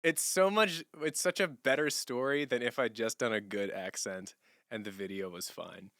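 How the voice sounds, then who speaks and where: Bright, clear-voiced young man streaming. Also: lowish voice, moderate pace, dry recording, studio quality. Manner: relaxed, rambling, laughs often. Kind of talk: casual livestream chat answering viewers.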